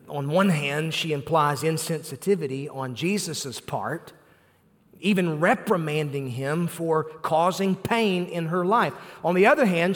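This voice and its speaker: A man preaching a sermon, earnest and emphatic, repeating phrases for weight and filling pauses with "uh". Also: high voice, fairly bright tone, long reverb tail. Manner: earnest preaching with emphatic repetition and frequent "uh" fillers. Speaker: pastor.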